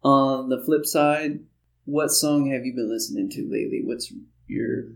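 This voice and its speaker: A man's voice: medium pitch, fairly even intonation, creaky, recorded from a distance. A man in his thirties hosting a casual chat, joking around, cutting in often and swearing. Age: 30s. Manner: jokey, swears, quick interjections. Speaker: podcast host.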